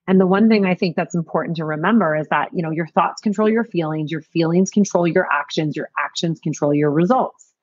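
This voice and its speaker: A woman from Canada, guest on a podcast, talking in an animated, earnest self-help way. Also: fairly low pitch, a little fast, husky, dry recording, highs cut off. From Greater Toronto Area, Canada. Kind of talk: casual conversational interview.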